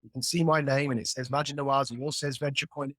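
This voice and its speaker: A man joins a video call as a guest commentator, building points emphatically with analogies and repetition in an animated explanatory exchange. Yet his medium-pitched, slightly bright voice stays fairly even in intonation at a quick pace, with clean, echo-free studio sound.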